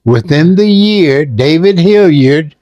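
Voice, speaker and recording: An older man telling stories in an interview, lively and acting out sounds and voices. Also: a little high, slow, dry recording, highs cut off. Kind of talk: animated storytelling.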